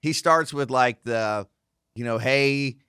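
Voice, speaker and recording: Brief: podcast co-host in his thirties, mid-pitched man, casual storyteller, dry close mic. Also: moderate pace, dry recording. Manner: animated anecdote-telling with quoted voices. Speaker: guest host, former racing driver.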